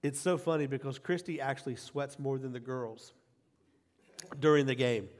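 A middle-aged man preaching a sermon as pastor, emphatic, repeating key phrases and swinging from quiet asides to loud cheering. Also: mid-range voice, fairly even intonation, normal speed. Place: church sanctuary. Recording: long hall reverb.

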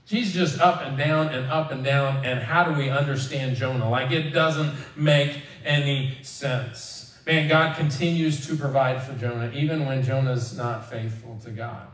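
A pastor preaching a sermon in a church, talking in a casual, conversational way and acting out quoted prayers. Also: male voice, mid-range voice, measured pace, hardly any pauses, fairly bright tone. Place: church sanctuary. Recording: roomy church sound from a distance.

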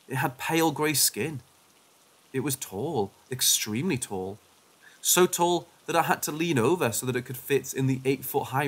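A man reading out a first-person paranormal story as scripted narration, telling it dramatically. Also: mid-range voice.

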